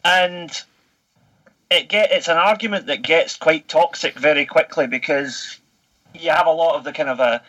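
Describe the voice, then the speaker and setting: A man's voice: fairly high pitch, normal speed, pushed and bright, highs cut off. A Scottish man in his thirties chatting on a podcast, telling stories animatedly and swearing freely. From Scotland. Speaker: podcast guest. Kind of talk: casual podcast chat.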